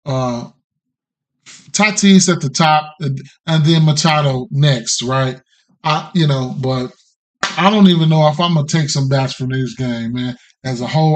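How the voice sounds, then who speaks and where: A man's voice: a little high, unhurried, pauses often. A man hosting a sports betting podcast, talking through his picks in a loose, slangy way, often repeating himself and checking in with "right?". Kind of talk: casual betting picks talk.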